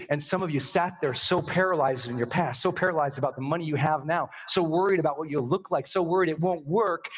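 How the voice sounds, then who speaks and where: Man, high voice, motivational speaker, stage keynote, story with acted dialogue, rousing urging. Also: poor audio. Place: large event room with audience.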